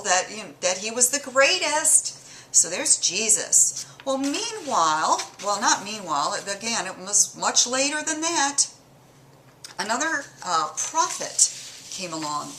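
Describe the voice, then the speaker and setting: A woman's voice: mid-range voice, bright, forceful tone, slight background noise, rough recording. A woman chatting casually while showing her drawings, rambling and hesitant with many ums and self-corrections, in a playfully mocking tone. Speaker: vlogger.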